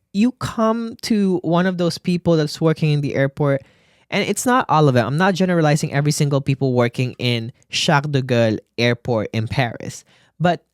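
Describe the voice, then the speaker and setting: A man's voice: on the high side, no room sound. Sassy guy podcasting in a studio, calls everyone bestie, dry close sound. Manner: sassy, chatty, calls listeners bestie and baby. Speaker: nurse and podcast host. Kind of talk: casual solo podcast chat. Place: recording studio.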